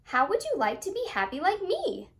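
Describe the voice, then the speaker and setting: A jolly, round little storybook man, as a woman reading aloud voices him. He chirps his lines high and lively, full of cheerful certainty. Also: moderate pace, a little hiss or hum, full character voice.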